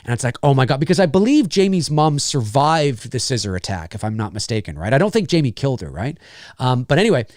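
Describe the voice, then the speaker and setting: A man hosting a casual live question-and-answer stream, rambling and animated, full of fillers, restarts and swearing. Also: medium pitch, quick pace, dry recording, clean studio sound. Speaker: channel host.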